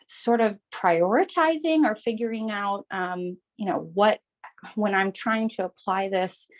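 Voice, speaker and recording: Woman thinking aloud in a class. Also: medium pitch. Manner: thinking aloud, with hesitant restarts. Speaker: course participant. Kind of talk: reflective casual talk.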